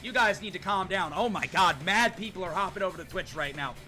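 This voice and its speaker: Excitable high-voiced young man streaming a game. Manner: hyped, shouting at chat, rapid exclamations. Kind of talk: excited live-stream commentary. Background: game music.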